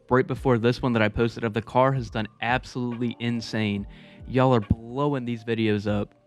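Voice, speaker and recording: A man telling a personal story to his viewers in a casual, laid-back, profane way, with chuckling asides. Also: mid-range voice. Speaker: storytelling vlogger.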